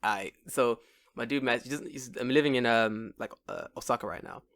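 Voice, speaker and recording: A man's voice: medium pitch, moderate pace. A young man co-hosting a casual podcast, telling a story with swearing and acted-out quotes. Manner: animated storyteller, swears freely, acts out quoted voices. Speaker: podcast co-host. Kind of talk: casual chat.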